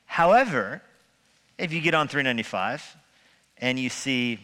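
Guy preaching sunday sermon, chatty jokey, asks the room questions, bright tone, big echoey church. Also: mid-range voice, lively intonation, measured pace. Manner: conversational preaching with humor and rhetorical questions. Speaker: pastor. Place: church sanctuary. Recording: long hall reverb.

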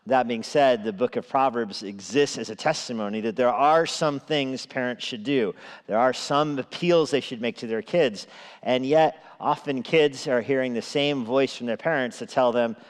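A man preaching an evening sermon at an ordinary middle pitch. He talks through it conversationally, with asides and small chuckles. His voice carries a long reverb, as in a large church sanctuary. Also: normal speed. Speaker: pastor.

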